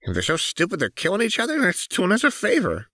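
A man voicing a volatile young woman gang leader with a sharp, mocking way of talking. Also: high voice, huge pitch swings, quick pace, no echo, clean studio sound, pitched above the performer's own voice, full character voice.

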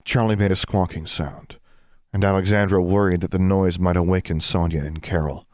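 Male audiobook narrator, very deep, close dry sound, measured reading. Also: steady tone, darkish tone, no room sound. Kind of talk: scripted narration.

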